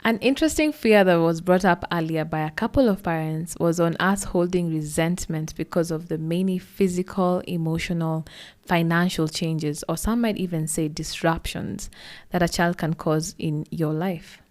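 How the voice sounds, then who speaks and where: Low-voiced woman narrating a podcast. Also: moderate pace, darkish tone. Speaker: podcast host. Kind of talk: scripted narration.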